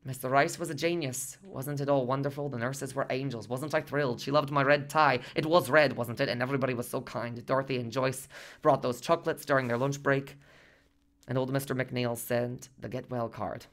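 A man's voice: mid-range voice, steady tone, moderate pace, vocal fry, long pauses. A man voicing an elated young woman patient in a radio play, who talks in eager, breathless exclamations and questions.

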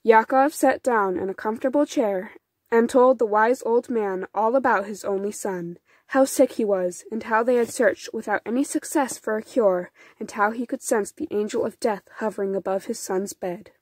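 A woman narrating a children's folktale in an unhurried, soft storytelling manner. Her voice sits a little high and sounds close and dry. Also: husky, no echo. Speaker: storybook reader.

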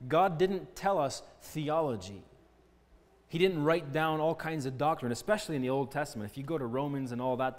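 A man teaching children a Bible lesson in an earnest, explaining way, often asking them questions. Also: medium pitch. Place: church hall. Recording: long church-hall reverb.

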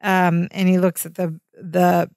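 A woman's voice: lowish voice, flat delivery, a little slow, gravelly, darkish tone, dry recording, studio quality. A woman co-hosting a podcast, recapping episodes in casual chat and acting out characters' lines as she goes. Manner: retells scenes, acting out quoted lines. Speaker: podcast co-host.

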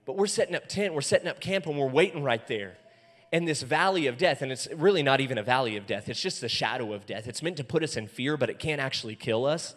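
A man preaching as pastor in a church, animated and acting out quoted voices, often soft and then loud. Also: mid-range voice, quick pace. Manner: animated, acts out quoted voices with big swings in loudness. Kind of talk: sermon. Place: church auditorium. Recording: long hall reverb.

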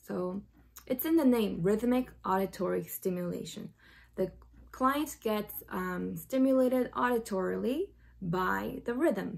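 Gravelly-voiced woman explaining therapy. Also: mid-range voice, darkish tone. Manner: chatty, frequent ums, sings short demo phrases. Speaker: music therapist. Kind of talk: casual educational explainer.

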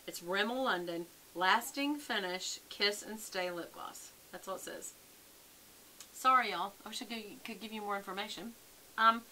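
A chatty woman talks straight to her viewers as she tests makeup at home. Her voice is bright and clear, with a faint hiss in the background. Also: mid-range voice, low-quality recording. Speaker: beauty vlogger. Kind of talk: casual chatty makeup vlog.

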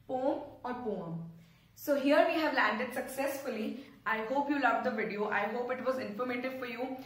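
An English teacher who hosts her own channel gives a pronunciation lesson in a fairly high voice, slowly repeating words and mixing in explanations in Hindi. The recording sounds distant and echoey, captured in a very reverberant room far from the mic.

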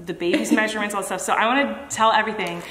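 Young woman host, bright and chatty, casual storyteller, recorded in an echoey room with a reverb tail. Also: mid-range voice, very fast. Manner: chatty, animated storytelling with many "like"s. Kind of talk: casual chat while eating.

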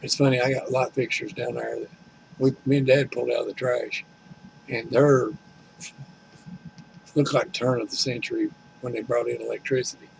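Gravelly older man telling a gripe. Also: medium pitch, little pitch movement, moderate pace, pauses often, slight background noise, rough recording. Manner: folksy, complaining, retells conversations. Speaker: vlogger. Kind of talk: rambling storytelling.

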